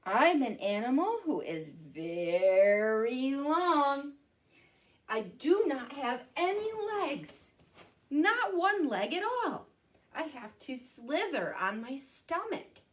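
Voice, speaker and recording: A woman doing a quiet hissing snake. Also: high voice, very animated, slow pace, exaggerated voice. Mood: sly. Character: long legless slithering snake.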